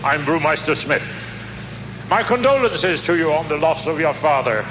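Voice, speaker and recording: A man's voice: fairly high pitch, expressive, moderate pace, noisy background, close to an everyday voice. A man playing a formal brewmaster, echoey. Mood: courteous. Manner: courteous, formal. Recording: echoey room.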